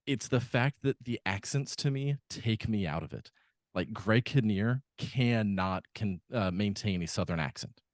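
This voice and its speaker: This podcast co-host has a fairly low voice and an unhurried delivery, captured in clean, echo-free studio sound. He rambles casually through a film, often restarting and filling gaps.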